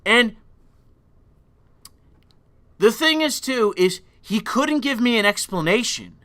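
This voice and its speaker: A young man casually telling a rambling, profane story on a stream, loud by his own account. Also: very high voice, expressive, takes it slowly.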